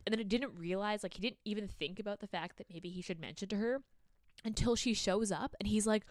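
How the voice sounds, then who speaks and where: A woman's voice: mid-range voice, fairly quick, no room sound, clean studio sound. A woman co-hosting a podcast, casually talking through a book and acting out characters' lines with frequent swearing. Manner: animated retelling, acting out quotes, swears. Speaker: podcast co-host.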